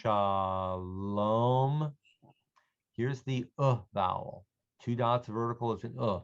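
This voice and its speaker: Patient, slow-speaking male Hebrew teacher. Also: mid-range voice, clean tone, lo-fi sound. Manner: slow, patient, sounding out words for learners to repeat. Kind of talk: online adult language lesson.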